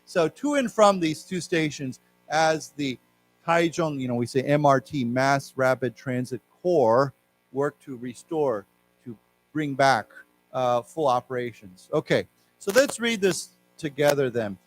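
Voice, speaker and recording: A man teaching a live English lesson in a library lecture hall. He explains words and leads the class in repeating them, drawing the model words out slowly. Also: mid-range voice, expressive, soft background music.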